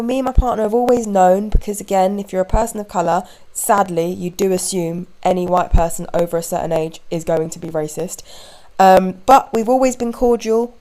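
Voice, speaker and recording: A young woman hosting a podcast, telling a story in an animated, indignant way with quick asides. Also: fairly low pitch, low-quality recording. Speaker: podcast host. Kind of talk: casual storytelling monologue.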